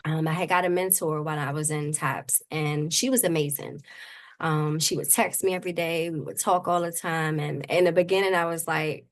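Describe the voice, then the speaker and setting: Earnest faith-filled woman, lowish voice. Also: normal speed. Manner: earnest, faith-filled, with many "you know"s. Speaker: grief coach and suicide prevention advocate, guest. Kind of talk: heartfelt conversational interview.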